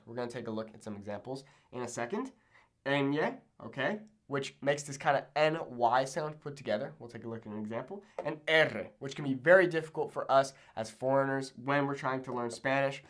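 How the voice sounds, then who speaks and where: A young man teaching a Spanish pronunciation lesson at a board, upbeat, repeating words slowly and checking in with "okay?" after each one. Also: mid-range voice. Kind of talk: whiteboard language lesson. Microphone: camera in a classroom-style setup at a board.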